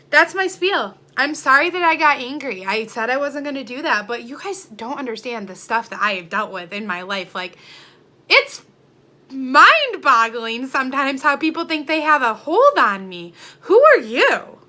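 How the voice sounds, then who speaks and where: A young adult woman talks straight to her vlog audience in a heated, defiant rant. Her voice sits a little high and sounds bright and forceful. She drops low and quiet, then pushes up loud again. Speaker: vlogger.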